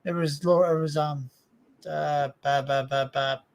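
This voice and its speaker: Australian man, fairly high voice, casual live-stream chat, rambling and filler-heavy, desk mic at home. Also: steady tone, measured pace. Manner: rambling, full of "you know" and "like". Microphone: desk microphone.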